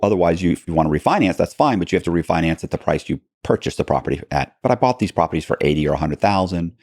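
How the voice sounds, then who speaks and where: A man's voice: low voice, lively intonation, racing, darkish tone, dry recording, clean studio sound. A man, a podcast guest, telling a story in a casual, rambling way with many restarts. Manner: rambling, frequent restarts, acts out quoted dialogue. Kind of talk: casual storytelling in a long interview.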